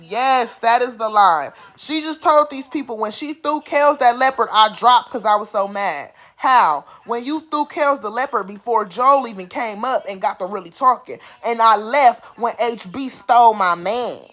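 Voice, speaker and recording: A woman's voice: fairly high pitch, animated, moderate pace, hardly any pauses, fairly bright tone. Blunt, profane woman on a live stream. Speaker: livestream commentator. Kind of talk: casual live-stream commentary.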